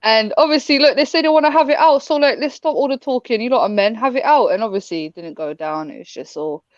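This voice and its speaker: A woman's voice: fairly high pitch, fast talker, no echo, muffled recording. A woman, a livestream guest chatting casually with slang.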